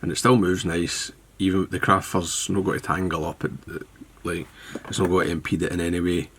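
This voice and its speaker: Deep gravelly man demonstrating a craft. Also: fairly quick, a little hiss or hum. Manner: relaxed, thinks aloud while working. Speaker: fly tying instructor. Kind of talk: casual step-by-step demonstration.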